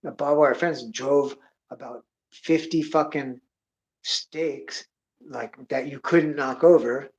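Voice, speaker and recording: A man's voice: medium pitch, steady tone, slow. Foul-mouthed man telling a rambling story. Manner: rambling, heavy swearing, blunt. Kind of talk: profane storytelling monologue. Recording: dull lo-fi audio.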